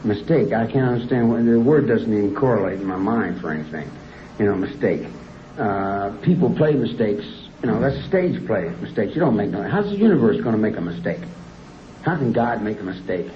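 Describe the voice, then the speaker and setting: A man's voice: lowish voice, very animated, fairly quick, slight background noise. Rambling middle-aged man on old tape. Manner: rambling, repetitive, growing indignant and heated. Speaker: prison inmate being interviewed. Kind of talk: rambling interview answers. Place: prison interview room. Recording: dull lo-fi archive tape in a roomy room.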